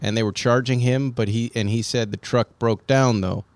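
Co-hosting a casual talk show, this man tells stories animatedly and performs the other people's lines as he goes. His voice is mid-range at a moderate pace, with no echo.

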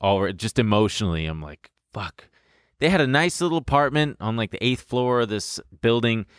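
A man's voice: mid-range voice, animated, fairly quick, clear, resonant tone, no room sound, clean studio sound. A young man co-hosting a podcast, telling a story in a rambling, self-mocking way and swearing freely. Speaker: podcast co-host. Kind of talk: casual storytelling chat.

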